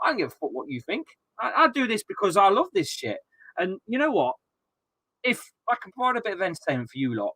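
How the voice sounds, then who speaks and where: A man's voice: high-pitched, a bit bright, no room sound. A man in his thirties chatting casually and ranting with swearing on a live football watchalong stream.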